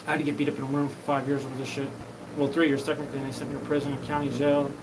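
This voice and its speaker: A man's voice: medium pitch, little pitch movement, very fast. A man hosting his own show, talking in a rambling, disjointed, profane live monologue. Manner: disjointed, profane, jumps between topics. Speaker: show host. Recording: noisy background.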